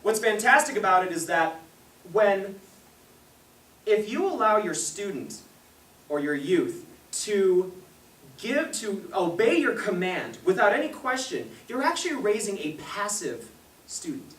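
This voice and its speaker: A man's voice: high-pitched, sing-song, a little slow, fairly bright tone. Young man giving a parenting seminar. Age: young adult. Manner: storytelling, laughs often and acts out quotes. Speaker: seminar presenter. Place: meeting room with a live audience. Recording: echoey room, distant mic, faint hiss.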